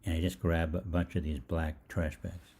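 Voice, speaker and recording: A man's voice: deep voice, normal speed, slight background noise. An older man rambling through a funny personal story in a casual monologue, acting out both sides of the conversation. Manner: rambling, animated, acts out both sides of the dialogue. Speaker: holistic doctor telling stories.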